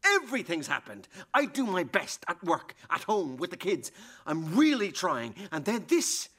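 An actor playing a jealous, drinking husband in a radio drama, sarcastic and biting, rising into fury. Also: male voice, high voice, wildly swooping pitch, normal speed, fairly bright tone, exaggerated voice. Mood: bitter sarcasm. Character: bitter jealous husband, drinking, middle-aged.

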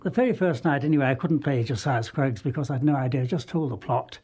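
Older male ex-actor, husky and warm, amused rambling recollection. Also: mid-range voice, fast. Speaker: former travelling actor. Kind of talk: anecdotal reminiscence.

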